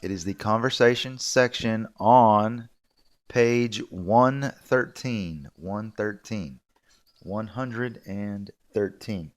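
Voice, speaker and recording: A male English teacher giving a recorded video lesson, explaining in a relaxed way and repeating key points. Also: lowish voice, takes it slowly.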